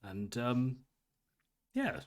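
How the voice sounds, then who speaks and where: A man narrating a tabletop game as game master, in a casual, halting way with lots of fillers. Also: medium pitch, wildly swooping pitch.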